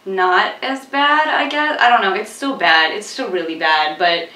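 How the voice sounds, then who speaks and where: A woman's voice: medium pitch, a little slow. Sarcastic woman in an echoey room. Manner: sarcastic, animated retelling with mocking quoted voices. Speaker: co-host reviewing a film. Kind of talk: casual chat. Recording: echoey room, voice a bit far from mic.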